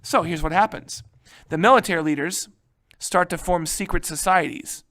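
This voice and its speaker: A male history teacher giving a casual, animated lecture, joking and checking in with his students. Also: a little high, normal speed. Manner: animated, joking, keeps asking "right?".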